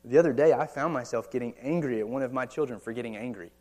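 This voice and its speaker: A fast-talking pastor in his thirties from the United States preaches in a church or meeting hall with a mid-range, darkish voice. His American-accented sermon is conversational, full of rhetorical questions and casual asides.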